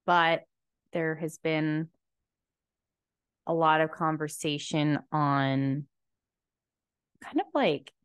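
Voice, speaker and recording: A young woman with a stuffy cold and low energy, talking to camera in a slow, reflective personal monologue with many fillers, seated indoors in a chair. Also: clean tone, dry recording. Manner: slow, slumped, soft-spoken musing with many fillers. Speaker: podcast host and tarot reader.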